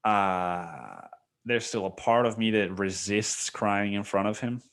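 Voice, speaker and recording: Podcast host, young adult man, lower voice, loose and confessional, casual swearing. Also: slow, a bit bright. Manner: rambling and candid, says "dude" and "man" often, swears casually. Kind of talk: casual solo podcast monologue.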